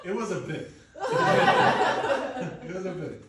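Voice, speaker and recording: A man in his thirties, originally from Poland, doing a stand-up set with animated, profane, self-mocking storytelling. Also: high voice, slow, crowd noise. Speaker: stand-up comedian. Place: comedy club. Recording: echoey club, distant mic, faint noise.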